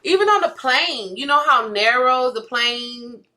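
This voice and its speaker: A woman's voice: high-pitched, measured pace. A woman co-hosting a podcast, telling stories in a casual chat, laughing often and acting out what people said. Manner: animated storytelling, laughs often, acts out quotes. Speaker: podcast co-host, comedian.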